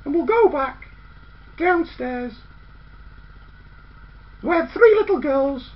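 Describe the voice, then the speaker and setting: A woman tells a children's story in a playful way and briskly hushes a man who interrupts. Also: high voice, animated. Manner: bossy narrator who acts out the girls' lines. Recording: dull lo-fi recording.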